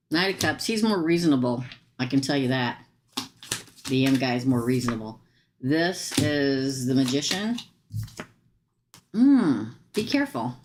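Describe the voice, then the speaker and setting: A woman's voice: deep voice, slight background noise. A middle-aged woman giving a live tarot reading, chatty and emphatic, repeating her advice. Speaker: tarot reader.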